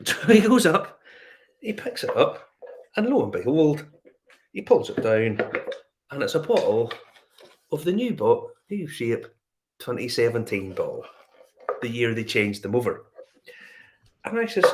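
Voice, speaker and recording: A middle-aged man with a Northern Irish accent, telling animated travel stories in casual chat and acting out the dialogue. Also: mid-range voice, measured pace, pauses often, a little hiss or hum. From Northern Ireland. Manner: animated storyteller, acts out dialogue. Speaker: whiskey show guest.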